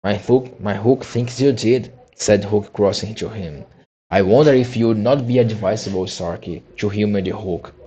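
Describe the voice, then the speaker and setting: Brief: male reader as a menacing pirate captain, low dark voice, steely politeness, storybook reading. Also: normal speed, close to an everyday voice. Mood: mock-polite. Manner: steely, mock-courteous threats.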